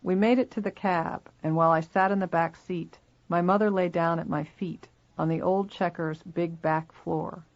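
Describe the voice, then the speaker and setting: Gravelly memoir narrator, lo-fi. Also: mid-range voice, steady tone, normal speed, hardly any pauses. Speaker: reader. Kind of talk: first-person memoir audiobook narration.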